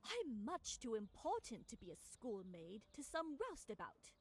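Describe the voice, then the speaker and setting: A woman's voice: on the high side, wildly swooping pitch, measured pace. An actress playing a prim, self-important noblewoman who speaks in a condescending way. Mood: haughty.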